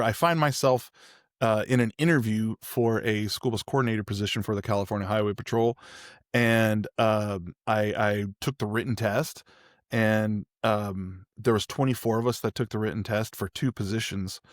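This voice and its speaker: A man's voice: lowish voice, fairly even intonation, moderate pace, dry recording, studio quality. A man hosting a podcast, telling a personal story in a candid, rambling way with frequent restarts. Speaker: podcast host. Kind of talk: casual storytelling.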